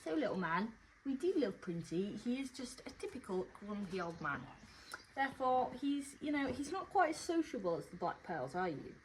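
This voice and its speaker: A woman's voice: on the high side, sing-song, moderate pace, a little hiss or hum, poor audio. A woman vlogging from her stable, talking fondly and teasingly to her horses and viewers. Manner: fond, teasing, mock-stern talk to horses. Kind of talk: casual vlog chat to horses and viewers.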